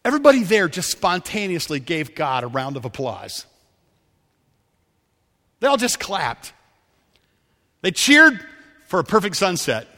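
A man with a high, bright, ringing voice delivers a storytelling sermon as a pastor. He drops to a near hush for quoted words and swells for emphasis, and his voice trails off into a long reverb in a large sanctuary. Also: very animated, a little slow, pauses often.

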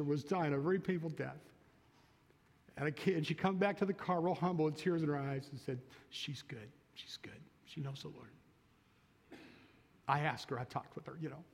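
A man's voice: a little high, darkish tone. A pastor preaching a sermon in a folksy storytelling way, growing emphatic as he exhorts the congregation. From United States. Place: church sanctuary. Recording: long church reverb.

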